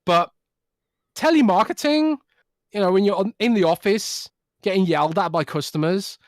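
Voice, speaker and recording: A man's voice: sits high, normal speed, no room sound, clean studio sound. Ranting podcast co-host man. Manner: animated ranting, many restarts. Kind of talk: casual chat.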